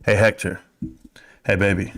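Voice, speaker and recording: A man putting on a mock-seductive voice, playing a teasing male seducer with a breathy murmur. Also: deep voice, level tone, unhurried, a bit bright, pitched below the performer's own voice, heavily acted.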